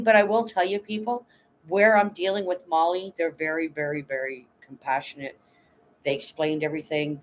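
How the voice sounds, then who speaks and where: The audio is poor as a middle-aged Canadian woman hosts a casual livestream chat, her voice on the low side. She's blunt and emotional, swears often and greets viewers by name.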